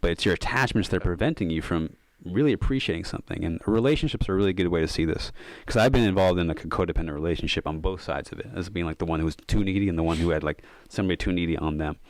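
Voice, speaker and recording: A man's voice: low voice, very fast, hardly any pauses, no room sound. A man, a yoga and meditation coach, talks thoughtfully as a podcast guest, often saying "like" and "um". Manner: thoughtful, many fillers of "like" and "um". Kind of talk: casual reflective storytelling.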